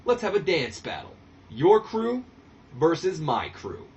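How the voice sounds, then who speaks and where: A man's voice: on the high side, very animated, measured pace, a little mellow, voice pushed up. A brash young wrestler trades cocky trash talk in a raised, showy voice, as a man puts him on for a game commentary. The recording is a little muffled, with a faint hiss behind it. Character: brash young male wrestler challenging rivals.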